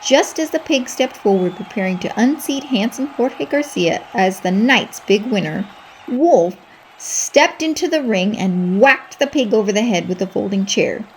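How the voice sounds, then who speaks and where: A woman reading a children's storybook aloud in a lively, expressive way. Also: mid-range voice, unhurried, slight background noise.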